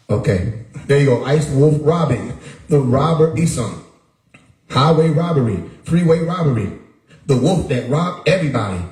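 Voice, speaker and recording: Speaking in a mid-range, slightly mellow voice, this livestream host gives a relaxed monologue in a room with echo. He hammers his points home, repeating words and posing rhetorical questions.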